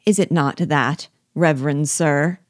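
A woman's voice: low-pitched, steady tone, measured pace, dry recording, clean studio sound. A woman reading an audiobook, voicing a cunning, imperious male rebel general who blusters with anger and mock learning. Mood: angry.

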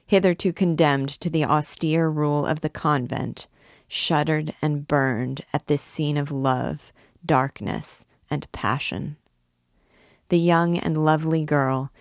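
A middle-aged woman and literature teacher reading a classic novel aloud in a measured, deliberate storytelling manner. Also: low-pitched, no echo, studio quality.

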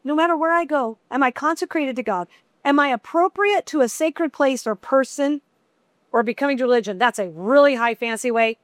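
A middle-aged woman teaching a women's Bible study in a chatty, conversational way with animated asides. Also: sits high, brisk, dry recording.

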